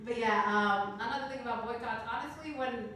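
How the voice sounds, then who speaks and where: A woman's voice: on the high side, a little fast, bright, forceful tone, slight background noise. A woman of thirty performing a stand-up comedy set on a club stage, playful and laughing at her own jokes. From Canada. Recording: roomy club sound from a distance.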